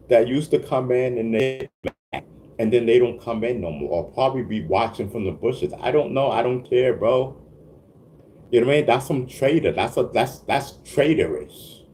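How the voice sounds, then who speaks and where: With a dark, mid-range voice and slight background noise, this man hosts a casual livestream and fields questions from chat. Stammering restarts, frequent laughs and repeated "you know what I mean" check-ins run through his talk.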